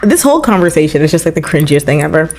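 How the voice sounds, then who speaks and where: A woman's voice: low-pitched, sing-song, racing, darkish tone, a little hiss or hum. A young woman content creator in a casual reaction vlog, giggly, incredulous and self-mocking.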